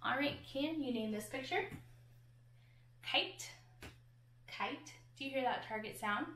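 A woman's voice: high voice, a little fast, fairly bright tone, slight background noise. A woman teacher giving a patient phonics lesson to children, sounding out words and letters one at a time. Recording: echoey room.

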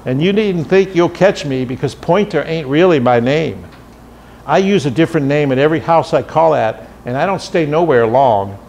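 A lecturer slips into a slippery young con man who talks down to his victim, smug and indignant by turns. The voice rides higher than the reader's own, with a taunting lilt. Faint room noise sits under it. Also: animated, normal speed, creaky, darkish tone. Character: sly, mocking young male con man, rural drawl.

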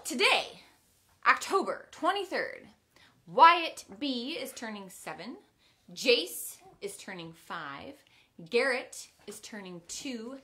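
A young woman teaching an online kindergarten class from home, in an animated, sing-song voice and a little out of breath. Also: medium pitch, slight background noise.

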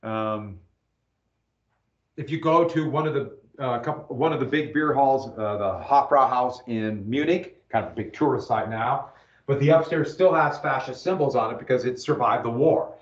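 A man's voice: mid-range voice, normal speed. A male history teacher lecturing an online class from home, rambling and breaking off to check his connection. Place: home room. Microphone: computer mic on video call. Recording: echoey dull video call audio.

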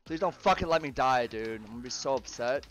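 A man's voice: mid-range voice, animated, a little fast, fairly bright tone, slight background noise. A man streaming a game live, swearing, groaning in frustration and laughing between outbursts. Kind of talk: live gaming stream chatter.

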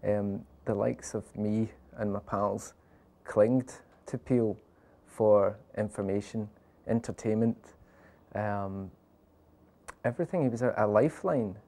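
A man speaking slowly and emphatically in a reflective interview. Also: fairly low pitch, dark tone.

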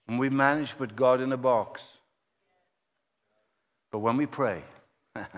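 Guy preaching in a church, storytelling, acts out the voices, big hall reverb. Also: mid-range voice. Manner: animated storyteller acting out quoted voices. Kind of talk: sermon with storytelling.

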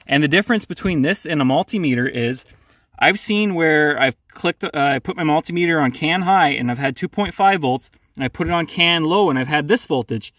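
A man's voice: on the high side, a little fast, a bit bright, no room sound. A male mechanic hosting a casual, plain-spoken how-to tutorial from his garage. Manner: plain-spoken, hands-on, practical. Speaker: mechanic, channel host.

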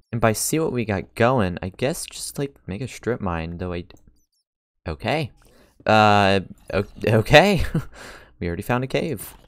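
A man hosting a game let's play, chatting casually to viewers and getting easily excited, with gasps and frequent laughs. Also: lowish voice, no room sound, studio quality. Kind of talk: casual gaming commentary.

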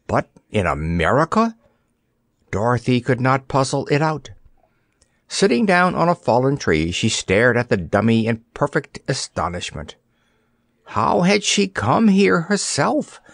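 A man narrating an audiobook in an expressive storytelling manner, on a close studio mic. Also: medium pitch, unhurried, vocal fry, no room sound.

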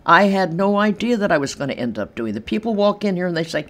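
An older woman telling stories in an interview from her apartment, animated and acting out the voices of others. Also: on the low side, fairly quick, hardly any pauses. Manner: animated, acts out quoted voices, laughs easily. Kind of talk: storytelling in an interview. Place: large empty room in her apartment.

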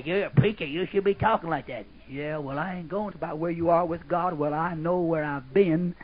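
An older man with a high, husky voice preaches a folksy, rambling sermon at a camp meeting, breaking out in sudden shouts and laughs. It's captured on muffled, narrow-band old tape with a lo-fi sound.

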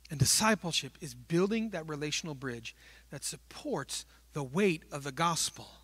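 A man preaching a sermon in a church, telling stories in an animated way and acting out little dialogues. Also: on the high side, moderate pace, slightly rough, no echo.

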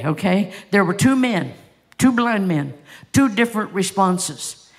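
A woman pastor preaching a sermon, telling stories with passion and asking the congregation rhetorical questions. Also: fairly low pitch.

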